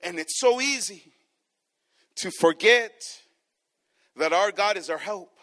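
A man with a strikingly high voice and a bright tone preaches a sermon. He reads the scripture aloud and stretches key words for emphasis. He keeps turning to the congregation with questions and calls of "church". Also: animated, takes it slowly.

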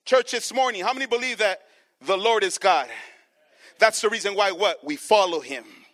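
A man's voice: sits high, normal speed, fairly bright tone. A male preacher delivering a sermon. He reads scripture aloud, stretches key words for emphasis, and keeps calling out questions to the congregation.

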